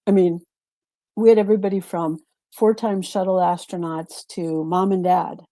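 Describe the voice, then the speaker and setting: A woman's voice: fairly low pitch, fairly even intonation, normal speed, dark tone, dry recording. A woman who coaches presenters, speaking over a video call in a reflective way and repeating words for emphasis. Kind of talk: casual panel chat.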